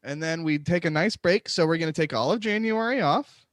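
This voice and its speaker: A man hosting a comedy podcast, teasing his co-hosts with deadpan jokes in casual banter. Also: on the high side, fairly quick, no echo. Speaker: podcast host.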